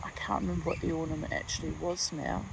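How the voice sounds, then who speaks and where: An older woman with a gravelly edge to her voice gives a blunt, profane vlog monologue. She swears freely and hits her words hard. Faint outdoor ambience hangs behind her in the garden. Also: sits low, steady tone, fast talker, noisy background. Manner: blunt, profane, emphatic storytelling. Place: outdoors in a garden under a tree.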